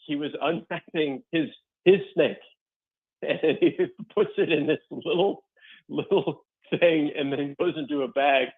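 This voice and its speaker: A man co-hosting a sports radio show, telling an animated story with a lot of laughter. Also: a little high, a little slow. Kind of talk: casual radio chat, telling stories. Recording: phone-like narrow sound.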